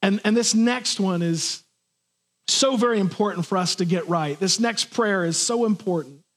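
Pastor, male, high voice, earnest sermon delivery. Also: normal speed. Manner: earnest preaching, acts out imagined voices.

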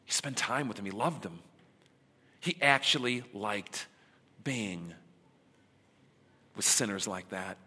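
A male preacher speaks in a bright, forceful voice, casual and emphatic by turns, leaning on pauses for effect. A long hall reverb follows every phrase. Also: lowish voice, expressive, breathy edge. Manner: conversational and emphatic, with dramatic pauses. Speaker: pastor. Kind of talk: sermon.

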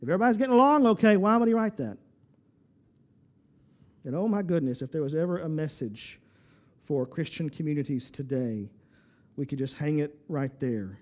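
A man delivers a sermon in a notably high voice. He drives his points home with rhetorical questions and emphatic repetition. His phrases often stumble and restart. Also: expressive, fairly quick, darkish tone. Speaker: pastor.

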